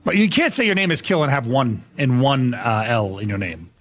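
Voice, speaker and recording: A young man live-streaming a game, talking to his chat in an excitable, laughing, apologetic way. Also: mid-range voice, normal speed.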